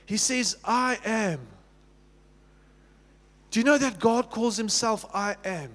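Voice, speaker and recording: Speaking at a moderate pace in a high-sitting voice, a South African pastor preaches a sermon in a church sanctuary, and the long reverb of the hall carries his words. His style is relaxed and conversational, with frequent restarts and questions to the congregation.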